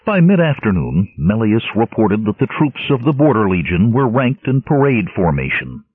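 A man narrating an adventure novel in a dramatic, expressive storytelling manner. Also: lowish voice, breathy edge, no room sound. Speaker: audiobook narrator. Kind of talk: scripted narration. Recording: tinny lo-fi narrowband audio, dry.

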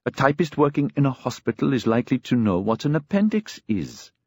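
A man's voice: mid-range voice, big pitch swings, a little fast, no room sound, studio quality, voice pushed up. A man voicing a hot-tempered young man who argues indignantly. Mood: furious. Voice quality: indignant, shouting.

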